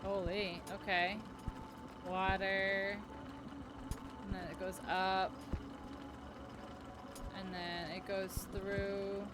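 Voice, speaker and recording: A woman's voice: medium pitch, flat delivery, drawn-out words, long pauses, background noise. A young woman playing a co-op game with a friend, playfully describing what she sees on screen. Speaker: guest gamer. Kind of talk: casual co-op gameplay chat. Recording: game music behind voice.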